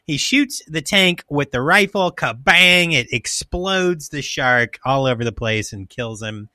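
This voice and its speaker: A man's voice: a little high, animated, measured pace, sharp tone, no echo. A man hosting a casual podcast, reading a plot recap with joking, profane asides. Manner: joking, swears freely, loose asides. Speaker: podcast host.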